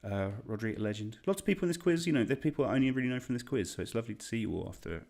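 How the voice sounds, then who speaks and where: A young man from England hosting an online quiz, chatty and self-deprecating as he reads out questions and shout-outs. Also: mid-range voice, animated, rapid-fire, creaky. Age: young adult. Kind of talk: casual quiz hosting livestream.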